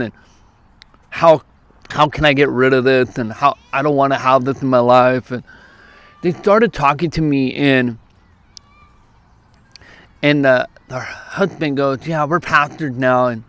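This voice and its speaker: A man's voice: mid-range voice, clear, resonant tone, no echo. Man telling a story at a park. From California. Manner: lively, quick bursts, acts out quoted lines. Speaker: youth preacher. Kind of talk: casual storytelling to camera. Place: outdoors at a park.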